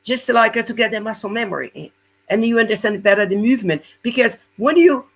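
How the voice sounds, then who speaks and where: Husky-voiced male fitness coach with non-native English, walking through exercises step by step in a live webinar and checking in often. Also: high-pitched, expressive, quick pace, fairly bright tone.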